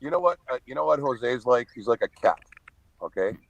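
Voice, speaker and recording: A man's voice: mid-range voice, lively intonation, fairly quick, creaky, no room sound, poor audio. A middle-aged man tells stories as a podcast guest, blunt and profane, often laughing. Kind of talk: casual storytelling.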